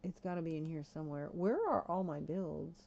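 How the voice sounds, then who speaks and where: A woman's voice: sits low, steady tone, fairly quick, gravelly, mellow, muffled recording. A woman live-streaming a game, talking to herself and her viewers as she grows alarmed, with frequent exclamations. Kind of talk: casual live-stream chat.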